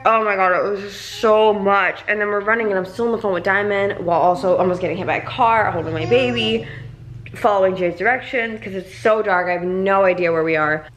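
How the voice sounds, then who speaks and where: A woman's voice: mid-range voice, fairly quick, echoey room, a little hiss or hum, rough recording. A young woman vlogging, retelling her story with many fillers. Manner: quiet, subdued retelling. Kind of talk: storytime vlog.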